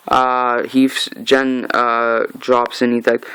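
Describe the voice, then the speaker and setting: A man's voice: medium pitch, takes it slowly, hardly any pauses, clear, resonant tone, rough recording. A man giving a casual comic book recap, reading the dialogue aloud in an offhand way, with frequent "uh"s and "like"s. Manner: reads the dialogue aloud in a flat, offhand way, with many "uh"s and "like"s.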